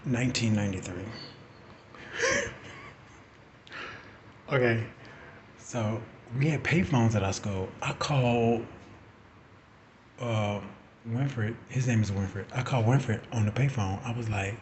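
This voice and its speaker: A man in his forties telling a personal story in a casual, animated way, swearing and acting out what people said. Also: mid-range voice, slow, long pauses, a little hiss or hum. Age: 40s. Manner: animated, profane, acting out quotes. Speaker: vlogger.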